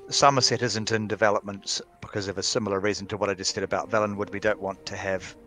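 A man's voice: lowish voice, fairly bright tone. A man on a modding team answering viewer questions in a matter-of-fact way. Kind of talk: casual stream Q&A.

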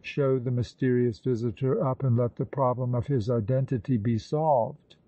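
An assured, commanding nobleman speaks with calm authority, as a male audiobook narrator voices him. The tone is dark and mellow, on a dry, slightly dull recording. The delivery is measured and imperious. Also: medium pitch, dry recording, close to an everyday voice. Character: commanding confident nobleman, the Count.

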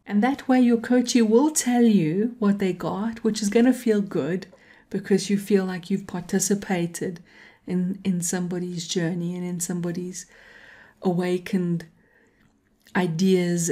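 A woman teaching coaching skills in a calm, emphatic tutorial, sometimes dropping to a whisper for emphasis. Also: fairly low pitch, measured pace. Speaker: coaching instructor. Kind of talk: tutorial talk to camera.

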